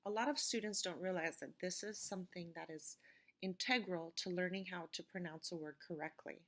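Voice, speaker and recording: A woman teacher giving a recorded vocabulary lecture and reading word lists slowly, stressing each syllable with care. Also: lowish voice, fairly bright tone. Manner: slow, careful pronunciation drills.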